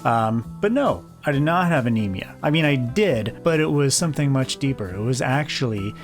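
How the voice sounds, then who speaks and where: A man's voice: mid-range voice, lively intonation, normal speed, faint music behind. A young man chatting casually to the camera in a vlog, joking and rambling with self-deprecating asides. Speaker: vlogger.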